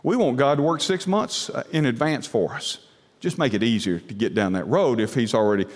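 A man preaching a sermon, emphatic, with rhetorical questions and sudden drops to a hushed low voice. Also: fairly quick, big-room sound. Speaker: pastor.

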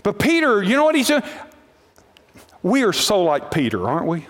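A man's voice: high voice, huge pitch swings, moderate pace, pauses often, a bit bright, long reverb tail. A man preaching a sermon, telling a Bible story with animation and acting out the characters' lines.

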